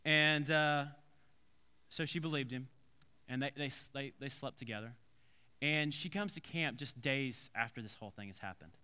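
A man, a pastor, telling stories in a sermon, animated and conversational, with quick asides and restarts. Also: mid-range voice, smooth. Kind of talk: storytelling sermon. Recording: long hall reverb.

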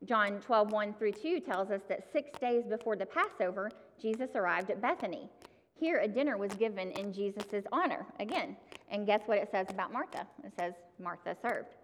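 A woman's voice: medium pitch, expressive, moderate pace, slight background noise. A woman giving a sermon, talking to the congregation in a conversational way and addressing them directly. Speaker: preacher. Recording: long hall reverb.

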